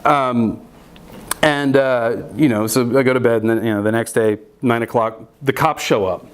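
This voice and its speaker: A young man telling a comedic story in an animated way, laughing and leaping high in pitch when he quotes himself. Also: normal speed, smooth. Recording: noisy background.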